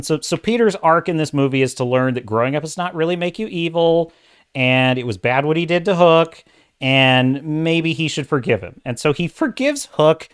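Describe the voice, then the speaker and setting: A man's voice: mid-range voice, smooth. Guy on a livestream going off about movies, sarcastic, swears a lot, keeps interrupting himself. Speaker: livestream host. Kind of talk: casual ranting movie review.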